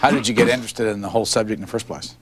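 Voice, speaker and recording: Quick-talking male interviewer. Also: on the low side, fairly even intonation, background noise. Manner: brief, casual questions. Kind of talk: interview questions.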